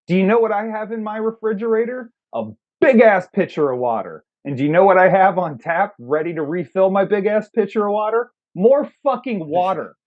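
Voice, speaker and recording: A man's voice: sits high, a little fast, few pauses, narrow, tinny audio. Swearing, joking man ranting on a review show. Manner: profane, joking rants. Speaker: co-host film reviewer. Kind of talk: casual movie review chat.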